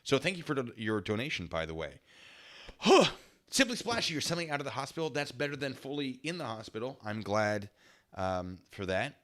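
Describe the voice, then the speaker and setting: Bright-voiced man rambling on a livestream. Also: mid-range voice, very animated, brisk. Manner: rambling, thanks donors by name. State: a little out of breath. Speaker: livestream host. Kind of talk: casual livestream chat.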